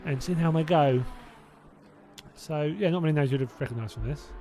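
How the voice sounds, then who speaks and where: A young man chats his way through a live sim racing stream, with a slightly high voice and a faint noise behind him. He reacts aloud and laughs easily. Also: normal speed, warm tone. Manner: chatty, laughs often, reacts aloud to crashes. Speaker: streamer hosting a sim racing watch-along. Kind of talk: casual live-stream chat.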